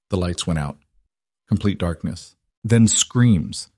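Brief: male audiobook narrator, steady dramatic storytelling, low pitch, dry booth sound. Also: takes it slowly, pauses often, no room sound.

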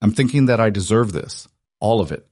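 Brief: desperate, broken werewolf ex-husband, read by a man; raw, shredded, bitter delivery; deep dry voice. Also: animated, a little fast, mellow, no room sound.

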